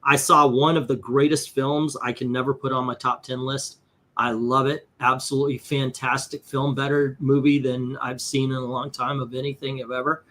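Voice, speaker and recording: A man's voice: medium pitch, little pitch movement, normal speed, a bit bright. A man hosting a comics channel in casual chat, rambling with lots of fillers and frequent swearing.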